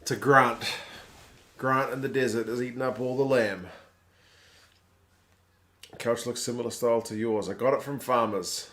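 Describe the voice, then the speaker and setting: A New Zealand man in his thirties hosts a casual live stream, reading out viewer comments and chatting about them. His manner is wry, relaxed and conversational. His voice sits at an ordinary pitch for a man. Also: measured pace, pauses often. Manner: laid-back, wry, chatty.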